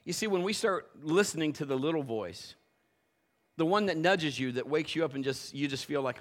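Lively animated male pastor preaching. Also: fairly high pitch, normal speed. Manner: animated storytelling, acting out voices. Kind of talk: sermon with personal story. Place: church service.

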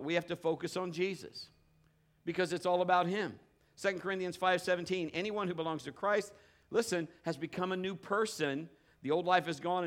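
A man preaching a sermon as pastor, building to emphatic points and acting out quotes. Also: sits high.

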